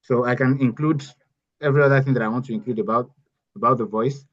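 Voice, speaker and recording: An AI bootcamp instructor teaches a live online tutorial step by step, repeating key phrases as he goes. His voice is mid-range and the sound is lo-fi.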